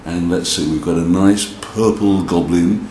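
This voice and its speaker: Speaking at a measured pace in a low-pitched voice, a storyteller addresses children as he demonstrates felt boards and tells them a story indoors. He's chatty and animated, and the room sounds echoey with faint hiss.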